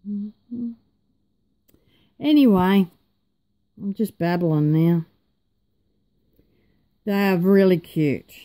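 Slow, mellow-voiced woman chatting. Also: medium pitch. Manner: chatty, rambling, self-mocking. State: tired, yawning. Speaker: vlogger. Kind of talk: casual chat.

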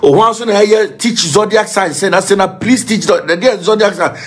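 A man with a Ghanaian accent preaching a comic sermon, jumping between singing, mimicry and shouting. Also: high-pitched, brisk, faint music behind.

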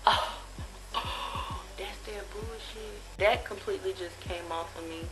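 A woman's voice: mid-range voice, steady tone, moderate pace, low-quality recording. A young woman, chatting casually and bluntly, with plenty of profanity, while she reviews a haul of cheap jewelry. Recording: music playing behind the voice.

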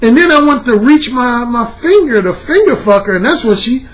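A man with a high, very lively voice telling a personal story as a dating coach. His pitch swings widely as he talks. His delivery is profane and animated, with laughter breaking in. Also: normal speed. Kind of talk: storytelling monologue.

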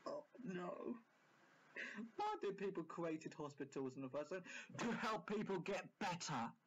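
A man's voice: sits high, sing-song, measured pace, husky, lo-fi sound. Rambling, exasperated man. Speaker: reaction channel host. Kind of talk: reaction commentary.

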